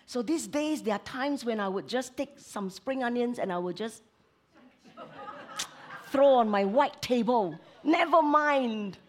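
A woman who is a counselor, preaching a sermon in an expressive way, moving between emphatic lines and hushed asides. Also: fairly high pitch, measured pace, pauses often, a little hiss or hum.

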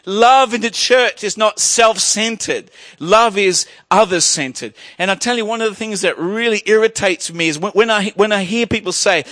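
With no echo in the room, a pastor gives his sermon, booming on the main points and slowing to a low murmur during storytelling.

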